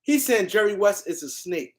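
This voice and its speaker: A woman's voice: medium pitch, expressive, moderate pace. A woman hosting a live-stream sports show, ranting in a heated, argumentative way and repeating her points. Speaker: sports commentary host.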